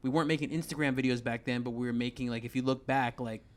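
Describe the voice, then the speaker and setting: A man guesting on his wife's podcast in a sewing studio, relaxed and conversational, recapping their business history. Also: mid-range voice, fast. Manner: relaxed, recaps and backs up the host's story. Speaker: guest, host's husband. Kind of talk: casual podcast chat.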